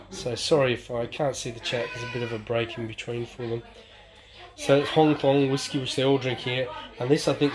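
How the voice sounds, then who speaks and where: A chatty man talks casually to viewers on a live stream. He points things out as he goes, exclaims often and swears lightly. His pitch sits in a middle range.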